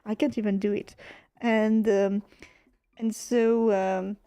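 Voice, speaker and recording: A young woman with a French accent talks at an unhurried pace in a fairly high, mellow voice. She chats loosely while working on a craft and drops casual swears, with faint music playing behind her. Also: little pitch movement, smooth, no echo. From France. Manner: chatty, swears casually, laughs often. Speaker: streamer.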